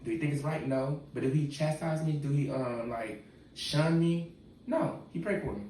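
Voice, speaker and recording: A man's voice: on the high side, normal speed, warm tone. A man, a podcast guest, talking candidly in casual slang. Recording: echoey room, distant mic, faint noise.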